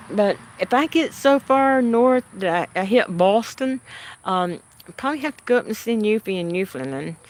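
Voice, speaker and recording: A woman hosting a livestream, chatting casually with her viewers and answering their comments in a homey way. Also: on the low side. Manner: unhurried and homey, answering chat comments with frequent soft laughs. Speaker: livestream host.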